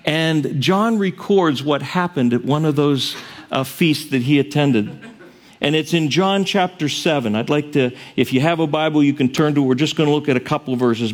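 Earnest preacher man, slightly high voice. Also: animated, moderate pace. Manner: earnest, rising to loud cries on quoted verses. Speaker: pastor. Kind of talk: sermon.

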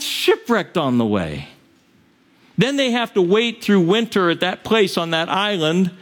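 A man's voice: high-pitched, very animated, measured pace, fairly bright tone. A male pastor preaching a sermon, retelling a story in a casual, conversational way with frequent asides.

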